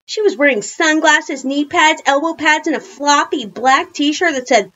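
A woman teacher reading a children's storybook aloud, with chatty, animated asides. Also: high-pitched, measured pace, hardly any pauses, muffled recording.

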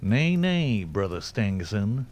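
A man's voice: on the low side, lively intonation, measured pace, a little mellow. A man voicing a vain, smirking rich young man who brags and threatens. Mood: smug. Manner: smug, scolding, self-satisfied.

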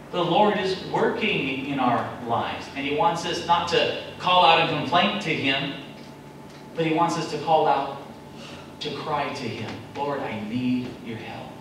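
In a church sanctuary, a pastor with a fairly bright, higher-pitched voice acts out prayers in raised, pleading tones during his sermon. It's recorded from a distance in an echoey hall, with slight hiss or hum.

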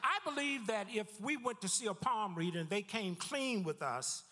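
Pastor guy preaching, high voice, lots of echo hanging in the church, repeats himself and dips way down. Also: moderate pace. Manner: lively preaching with repeated words and sudden drops in pitch. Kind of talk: sermon. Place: church sanctuary.

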